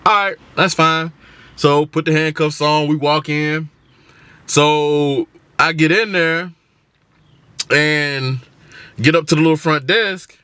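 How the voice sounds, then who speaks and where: Man, storytime vlogger in his car, bright lively delivery, dry close sound. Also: on the high side, slow pace, long pauses, clean tone, no room sound. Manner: animated, slangy storytelling with voiced quotes. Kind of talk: casual storytime. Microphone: camera in the car.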